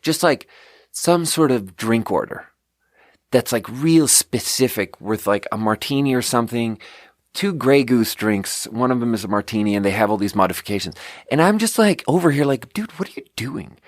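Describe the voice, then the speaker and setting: A man hosting a podcast, telling a long story about his restaurant work in a casual, animated way with lots of filler words. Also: moderate pace, no echo, clean studio sound. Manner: animated, acts out quoted voices with big pitch jumps; frequent fillers like "like" and "you know". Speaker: podcast host; restaurant server.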